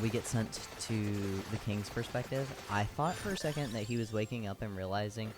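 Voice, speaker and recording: A man's voice: on the low side, moderate pace, few pauses, noisy background. A man doing a crude, sarcastic comedy recap of an anime, full of slang and swearing.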